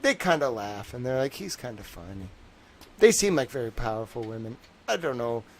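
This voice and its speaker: This young livestream host talks fairly quickly in a darkish, medium-pitched voice with big swings in pitch. His chat wanders all over the place, stuffed with fillers like "like" and "I don't know," and he laughs wryly between stories.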